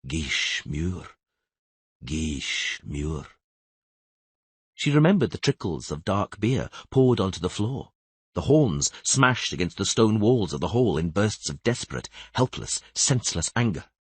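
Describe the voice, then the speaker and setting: A man narrating a fantasy audiobook in steady, expressive storytelling. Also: fairly low pitch, moderate pace, breathy edge, dry recording. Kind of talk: scripted narration.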